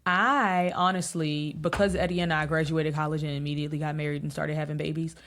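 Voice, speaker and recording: Low-voiced woman telling lively stories. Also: a little fast. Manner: animated storyteller, laughs often. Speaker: podcast guest. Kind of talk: casual interview chat.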